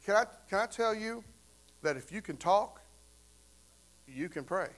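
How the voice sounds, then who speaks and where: A man preaching with a very high voice, talking to his congregation like a friend and often checking in with "right?". He builds up to loud, fervent bursts when he presses a point. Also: animated, measured pace. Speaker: pastor. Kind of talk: sermon.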